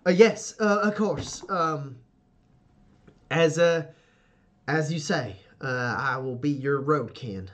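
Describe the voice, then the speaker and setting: A man voicing a stiff, timid young woman warrior who is a dutiful daughter, with a hesitant, halting, deferential manner. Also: medium pitch, close to an everyday voice. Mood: flustered.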